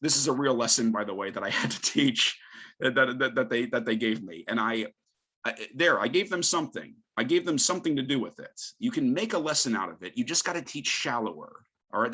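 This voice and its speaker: A male English teacher giving a conference talk, emphatic and lively, firing off rhetorical questions. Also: medium pitch, breathy edge. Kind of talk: conference presentation.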